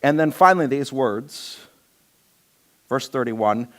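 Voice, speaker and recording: Lively, story-telling male pastor. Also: fairly high pitch, normal speed. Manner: humorous storytelling, acts out scenes. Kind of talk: sermon.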